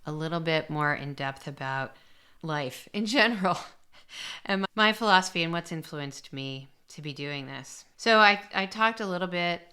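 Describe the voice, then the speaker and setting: A woman's voice: sits low, expressive, moderate pace, bright, forceful tone, clear, resonant tone. A woman doctor hosting a podcast, candidly telling a personal story and reading parts of it aloud in a reflective way. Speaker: aesthetic medicine doctor and podcast host.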